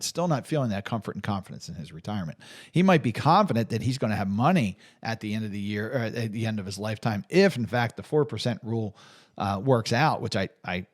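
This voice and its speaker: A middle-aged man, a financial planner, explaining things in an unscripted, conversational way, with frequent restarts and fillers. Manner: conversational, many restarts and fillers, pitch rising on emphasis. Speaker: financial planner hosting an advice video.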